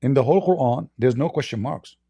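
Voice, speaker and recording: A man's voice: medium pitch, fast talker, gravelly, dark tone, husky, no echo. A man hosting a heated religious debate, challenging and mocking his opponent. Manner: challenging, mocking, talks over the other. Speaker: debate host.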